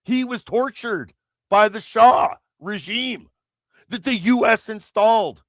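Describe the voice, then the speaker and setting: Speaking slowly in a high-sitting voice, this Canadian livestream host launches into a furious political rant, cursing heavily and restarting his thoughts as he rambles. The sound is dry and clean, like a studio.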